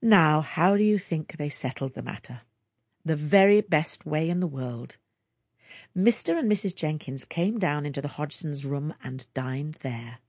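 A woman narrating a story aloud in a lively storytelling manner. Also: sits low, unhurried, no room sound, studio quality. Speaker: audiobook reader. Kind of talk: scripted narration.

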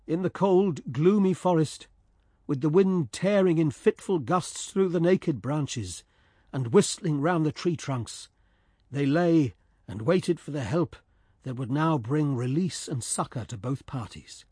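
A man narrating a dramatic story in a slow, measured storytelling voice. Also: on the high side, expressive, mellow, slightly rough, no echo, studio quality.

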